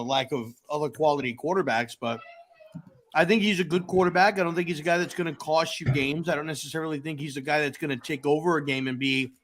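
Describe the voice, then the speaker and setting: A man co-hosting a casual sports podcast, giving blunt, measured opinions. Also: fairly high pitch, a little hiss or hum. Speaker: podcast co-host.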